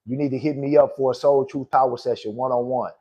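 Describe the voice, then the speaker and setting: Husky-voiced man preaching to listeners. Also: medium pitch, fairly even intonation, fast talker, mellow. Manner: preachy, repeats lines for emphasis, calls listeners "good people". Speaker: podcast host and life coach. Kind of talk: motivational podcast talk.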